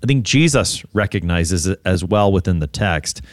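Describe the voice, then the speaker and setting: A man, a pastor, talking through a Gospel passage in a thoughtful, halting way with frequent restarts. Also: deep voice, animated, no echo, studio quality. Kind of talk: conversational Bible discussion.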